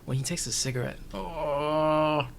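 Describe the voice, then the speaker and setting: Man, recurring guest, casual anime chat, animated, jokey, laughs a lot. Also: a little high, measured pace, a little hiss or hum.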